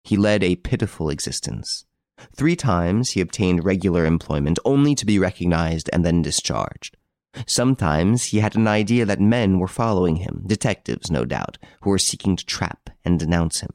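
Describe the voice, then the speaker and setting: A man narrating an audiobook of a crime story in a measured, steady reading. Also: deep voice, dry recording, clean studio sound. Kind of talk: scripted narration.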